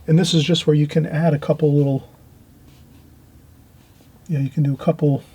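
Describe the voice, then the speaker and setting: Husky-voiced man teaching watercolour. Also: on the high side, level tone, moderate pace. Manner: gentle, repetitive instructing, trailing off into quiet asides while painting. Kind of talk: painting demonstration.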